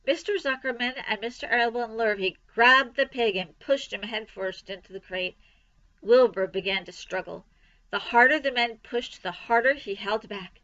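A woman reading a children's novel aloud for a library storytime, in an expressive read-aloud manner, on a dull lo-fi recording. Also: on the high side, normal speed.

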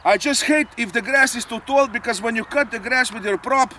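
A man with a high voice and a delivery walks through his remote-control plane's settings outdoors. He ends many of his sentences with a questioning "eh?". Faint outdoor ambience sits behind him. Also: fairly quick, pushed and bright, a little hiss or hum. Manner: explains step by step, tags sentences with "eh?". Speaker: RC pilot and channel host. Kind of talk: casual outdoor demonstration. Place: outdoors in a grassy field.

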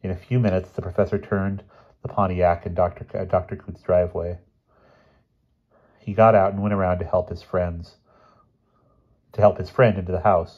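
A man reading a novel aloud as an audiobook narrator, steady, with small slips and restarts. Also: deep voice, moderate pace, pauses often, muffled recording. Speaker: audiobook reader.

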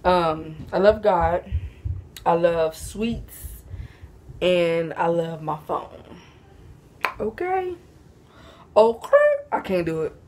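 Young woman vlogger, sleepy and laid-back, lowish voice, slangy casual Q&A with a faint hiss behind. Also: fairly even intonation, slow, darkish tone. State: sleepy, yawning. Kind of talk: casual Q&A chat to camera.

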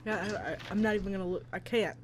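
A woman's voice: medium pitch, fairly even intonation, racing, noisy background. A young woman playing a horror game on her channel, talking casually, jittery and frightened, laughing nervously between lines. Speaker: let's play gamer.

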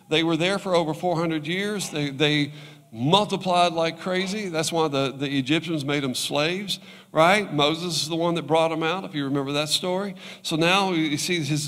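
Man, pastor, conversational sermon, fairly high voice, long hall reverb. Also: moderate pace, fairly bright tone. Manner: conversational preaching, checks in with listeners often.

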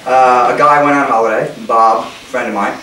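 A man's voice: mid-range voice, fairly even intonation, normal speed, sharp tone. A male comedian telling a rambling, self-mocking story, stammering and restarting as he goes. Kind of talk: comedic monologue. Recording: roomy, distant mic, faint noise.

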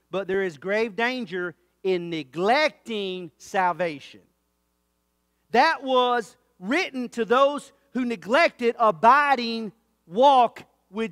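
A man's voice: very high voice, a bit bright, dry recording, clean studio sound, long reverb tail. A male pastor preaching a sermon in a church, fervent and emphatic, repeating his key points. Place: church sanctuary.

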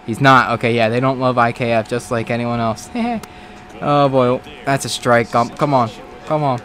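Playing a baseball video game, a gaming commentator gives excitable let's-play commentary, swearing and talking back to the game. He speaks at a normal speed in a medium pitch.

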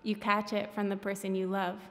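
A woman's voice: mid-range voice, completely flat delivery, fairly quick. A woman reading her own graphic novel at a public event, breaking off for wry, self-deprecating asides. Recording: echoey hall.

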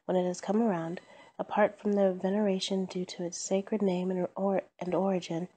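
A woman voicing a cheerful, earnest young man in a storybook reading, warm-hearted and pleading. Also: mid-range voice, little pitch movement, normal speed, slightly rough, natural voice.

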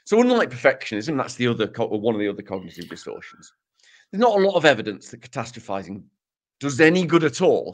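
Male podcast co-host, animated pitch, dry self-deprecating humor, casual explainer. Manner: dry self-mocking humor, lively delivery. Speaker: podcast co-host presenting research.

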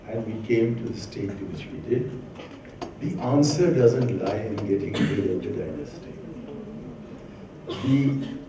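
A man's voice: mid-range voice, noisy background. Witty older man lecturing in an echoey hall. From born in Pakistan, raised in India. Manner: witty and combative, with sardonic jokes. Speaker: guest speaker. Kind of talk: public lecture. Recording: roomy hall from far off, dull.

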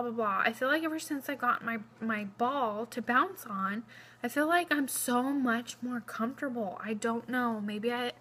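A woman's voice: on the high side, pushed and bright. A young woman, heavily pregnant and a bit out of breath, chatting in a rambling vlog update at home with many fillers. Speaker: vlogger. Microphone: phone camera close up.

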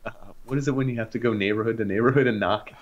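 A young man co-hosting a podcast, telling animated stories in casual chat and acting out the voices of people in them. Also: lowish voice, very fast, a loud crowd. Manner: animated, acts out voices in anecdotes. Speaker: podcast co-host. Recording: dull lo-fi sound.

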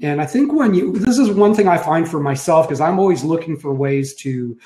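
A man's voice: fairly high pitch, lively intonation, normal speed, dark tone. A middle-aged man co-hosting a casual web chat, talking in an easygoing, reflective way and often restarting his sentences. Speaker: co-host, sidekick to the main host. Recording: echoey room.

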